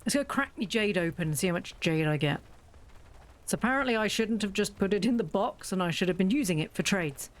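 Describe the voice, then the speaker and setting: A woman's voice: medium pitch, expressive, brisk. A woman chatting casually and mocking herself as she plays through a farming game. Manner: chatty, self-mocking, thinks aloud. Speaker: game streamer. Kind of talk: casual let's-play commentary.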